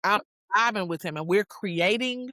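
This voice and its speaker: A woman's voice: medium pitch, normal speed, dry recording. A woman guest telling a story in casual, slangy talk, acting out what people said. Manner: animated, slangy storyteller who acts out quotes. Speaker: guest singer-songwriter.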